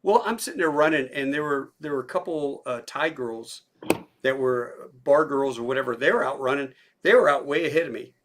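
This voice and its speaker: A man hosting a podcast, telling a casual anecdote with many fillers and pauses. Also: medium pitch, fairly bright tone. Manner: rambling anecdotes with hesitant fillers. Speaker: podcast host. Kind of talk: casual chat.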